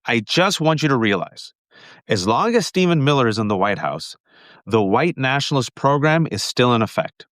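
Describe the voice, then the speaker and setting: A middle-aged man with a New York accent hosting a live political commentary stream, talking rapid-fire and emphatic, calling his viewers folks. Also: medium pitch, big pitch swings, a bit bright, no echo, clean studio sound. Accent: New Yorker. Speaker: political commentator and show host.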